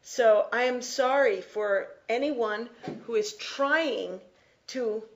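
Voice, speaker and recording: A woman teaching an English class, explaining slowly and repeating key phrases. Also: on the high side. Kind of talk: classroom lecture.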